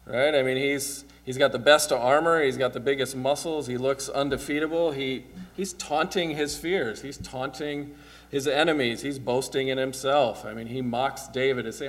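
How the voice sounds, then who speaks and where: A male pastor giving a casual, conversational sermon, often asking "right?" and chuckling as he talks. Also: mid-range voice.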